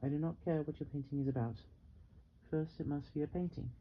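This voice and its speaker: A man's voice: a little high, fairly even intonation, fairly quick, muffled recording, a little hiss or hum, natural voice. A man voicing a stern, demanding male art teacher who gives curt, scolding commands. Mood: firm.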